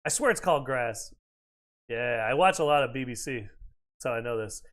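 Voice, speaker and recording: With a medium-pitched, fairly bright voice and lively intonation, an American man keeps a moderate pace as he streams a game. His talk is casual and full of swearing, drifting off into rambles between his reactions to the action.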